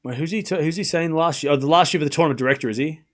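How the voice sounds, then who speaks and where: A man's voice: on the high side, rapid-fire. A man hosting a live watchalong, chatting casually with his chat, rambling with frequent fillers and restarts. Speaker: livestream watchalong host.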